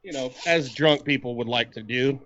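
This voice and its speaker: A man's voice: mid-range voice, moderate pace, a bit bright, a little hiss or hum. A man co-hosting a podcast, telling a rambling, profane story in a casual way. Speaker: podcast co-host. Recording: dull lo-fi dry sound.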